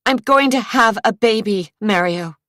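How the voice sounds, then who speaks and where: A woman's voice: fairly even intonation, normal speed, a little mellow, slightly rough, no echo, clean studio sound. A woman reading aloud, voicing a young pregnant woman who speaks in a raised, tearful voice. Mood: angry. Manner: voice lifted higher and tearful.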